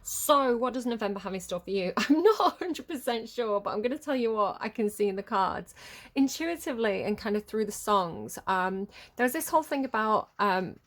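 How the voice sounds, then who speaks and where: A woman's voice: on the high side, lively intonation, moderate pace. A woman giving a casual tarot reading in a chatty, rambling way, often hesitating with fillers. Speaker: tarot reader.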